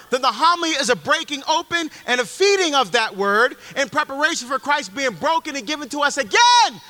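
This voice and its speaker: Middle-aged guy preaching, bright high voice, echoey church hall, punchy and direct. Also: expressive, brisk, hardly any pauses. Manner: emphatic, direct, talks straight to the audience. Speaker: Catholic preacher. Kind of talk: conversational sermon. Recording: long hall reverb.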